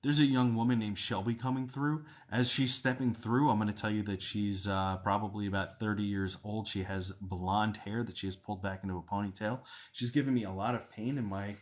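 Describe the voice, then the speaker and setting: A man hosting a live stream as a psychic medium, chatting with viewers, thanking them and describing what he senses in a steady, explanatory way. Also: lowish voice, brisk. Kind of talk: casual live-stream chat with readings.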